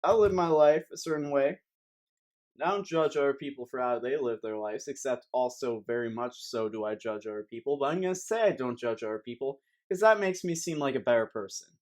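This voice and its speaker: A man's voice: medium pitch, fairly quick. A young man giving a rambling, sarcastic comedic rant to camera as a vlogger, swearing often.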